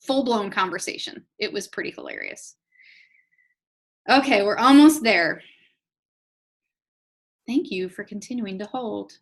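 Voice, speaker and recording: A woman's voice: mid-range voice, wildly swooping pitch, measured pace, creaky, long pauses. Give me an encouraging woman trainer giving a casual live webinar lesson. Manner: chatty, upbeat and encouraging, talks straight to her audience. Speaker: network marketing trainer. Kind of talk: live online business training.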